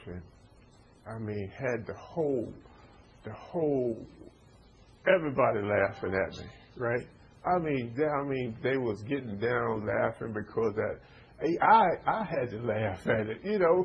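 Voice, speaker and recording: A man's voice: medium pitch, a little hiss or hum, low-quality recording. A man preaching an informal sermon, stammering through repeated words and checking in with his listeners. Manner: stammering repetitions, call-and-response asides.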